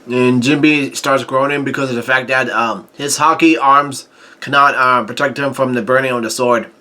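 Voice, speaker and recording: A man's voice: mid-range voice, steady tone, pushed and bright. A man recapping and reading a comic chapter aloud, often stopping, restarting and adding his own remarks along the way. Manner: halting, with frequent restarts and fillers. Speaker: manga reviewer.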